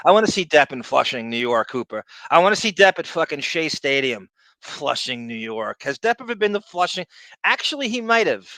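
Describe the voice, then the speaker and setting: A man's voice: fairly high pitch, very animated, a little fast, pushed and bright, dry recording, rough recording. Sarcastic man ranting on a podcast. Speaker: podcast co-host. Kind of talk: casual podcast commentary.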